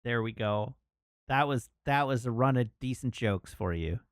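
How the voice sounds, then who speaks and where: A man's voice: mid-range voice, normal speed, clean tone, no room sound, clean studio sound. A man streaming a video game from his home setup, casually chatting and telling cheesy pun jokes into a desk microphone. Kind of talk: casual live-stream chat.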